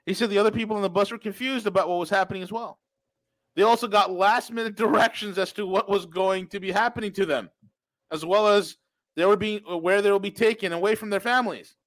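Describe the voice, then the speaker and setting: A man's voice: high voice, steady tone, fast talker, a bit bright. A man co-hosting a podcast, reading news aloud with sarcastic, mocking asides. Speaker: podcast co-host. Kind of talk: casual ranting commentary.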